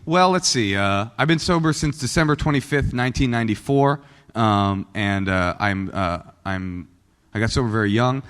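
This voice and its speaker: A man's voice: mid-range voice, fairly bright tone. Joking man in an echoing meeting hall. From Oakland, California. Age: 40s. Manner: joking, self-deprecating storyteller. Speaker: guest speaker at a recovery meeting. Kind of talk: personal recovery talk to a live audience. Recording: long hall reverb.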